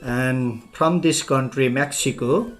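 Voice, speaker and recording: Slow, methodical Nepali-accented male teacher. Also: mid-range voice, background noise. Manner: spells words out letter by letter, methodical. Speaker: English teacher. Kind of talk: spoken language lesson.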